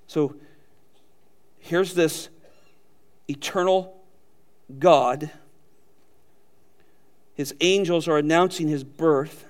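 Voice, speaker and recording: High-voiced man preaching an earnest sermon. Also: very slow, long pauses. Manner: earnest, emphatic preaching with repeated phrases and rhetorical questions. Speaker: pastor.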